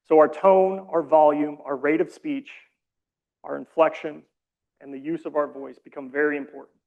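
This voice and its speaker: A man leading a community training session, explaining calmly with casual, self-deprecating asides. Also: on the high side, moderate pace, creaky, phone-quality sound. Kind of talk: training presentation.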